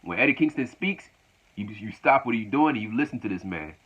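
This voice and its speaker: A man's voice: on the low side, expressive, fairly quick, slightly rough. A man recapping a wrestling show casually, in a loose, repetitive retelling. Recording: dull lo-fi recording.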